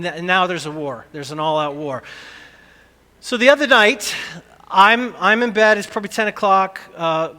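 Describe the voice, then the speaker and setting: A middle-aged man preaching a sermon, telling a family story with lively, animated delivery and acted-out screams. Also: sits high, big-room sound. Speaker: pastor.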